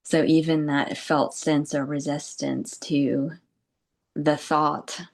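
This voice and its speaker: Low, slow-spoken woman giving a spiritual talk. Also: little pitch movement, gravelly. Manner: soft, unhurried and meandering, with frequent "you know" and "like" and gentle laughs. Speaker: spiritual teacher. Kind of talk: meditative nondual spiritual talk.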